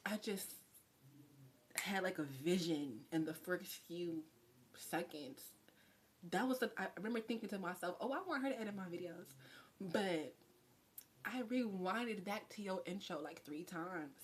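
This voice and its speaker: A woman doing a live tarot reading, talking in a chatty, effusive way and sometimes dropping to a soft whisper. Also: fairly low pitch, moderate pace. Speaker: tarot reader.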